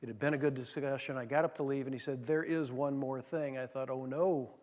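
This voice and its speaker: A man's voice: medium pitch, fairly even intonation, a little fast, a little mellow. A man giving an anecdotal leadership talk, telling stories with many fillers and restarts. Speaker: former managing partner giving a talk. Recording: long hall reverb.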